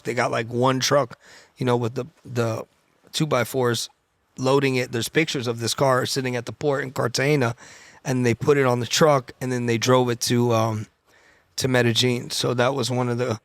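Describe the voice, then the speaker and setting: A man's voice: mid-range voice, flat delivery, normal speed, dry recording. A man guesting on a podcast, telling stories in a loose, profane, casual way and acting out the conversations he recounts. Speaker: podcast guest, luxury car dealer. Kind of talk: casual storytelling chat.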